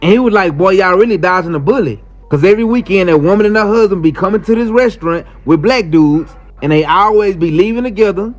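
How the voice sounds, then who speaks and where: A man's voice: high voice, fast talker, hardly any pauses. A man casually telling a wild personal story in slangy speech, acting out the quoted lines. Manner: animated, slangy, acts out quotes. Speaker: storyteller in a clip. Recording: muffled clip with faint music.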